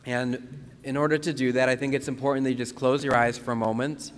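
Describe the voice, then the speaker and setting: A man who is a priest, teaching and leading a guided prayer slowly and calmly, repeating phrases with pauses for breathing. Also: medium pitch. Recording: long reverberant room sound.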